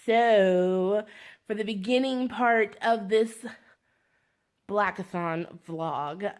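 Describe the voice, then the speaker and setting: A woman book vlogger chatting casually to her phone, gushing and rambling, swinging between giddy excitement and near tears. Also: medium pitch, slow. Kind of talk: casual fan vlog chat.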